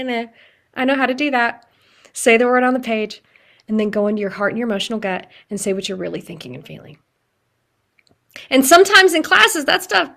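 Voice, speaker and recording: Woman, acting coach, chatty class talk, animated, laughs often, crisp bright tone. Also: on the high side. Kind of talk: live online acting class.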